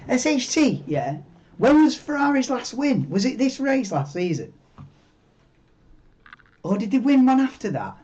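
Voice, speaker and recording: A man hosting a live stream, chatting casually in a rambling, excitable way and swearing freely. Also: extremely high pitch, measured pace, long pauses. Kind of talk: casual live watchalong chat. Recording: dull lo-fi mic, tinny.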